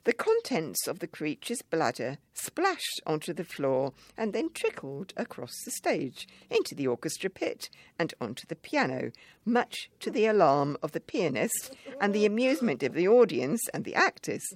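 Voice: mid-range voice, wildly swooping pitch, moderate pace. Wry storyteller reading a memoir aloud.

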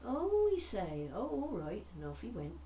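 A woman's voice: medium pitch, huge pitch swings, unhurried, warm tone, recorded from a distance, a little hiss or hum, pitched above the performer's own voice. A woman voicing a chatty old Norfolk countrywoman with a broad rustic accent, spinning jokey yarns. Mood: jolly yarning.

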